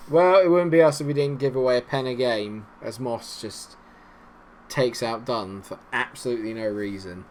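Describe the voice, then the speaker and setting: A man giving casual, animated commentary on a football management game, swinging between cheering and grumbling. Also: mid-range voice, normal speed, slight background noise. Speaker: gaming YouTuber.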